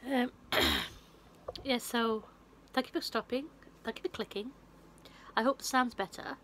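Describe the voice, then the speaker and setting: A woman's voice: a little high, wildly swooping pitch, unhurried, fairly bright tone, slight background noise, poor audio. A woman chatting on her vlog, rambling through a film plot with lots of fillers and restarts, recorded on a phone. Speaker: vlogger and film reviewer. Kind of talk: casual retelling of a film plot.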